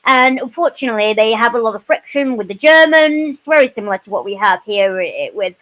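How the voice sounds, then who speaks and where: A woman speaks as a guest on a casual panel chat, recounting her experiences with animated energy and a steady stream of "you know" asides. Her voice sits a little high. The sound is dull and lo-fi, as if it came over a call. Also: fairly quick.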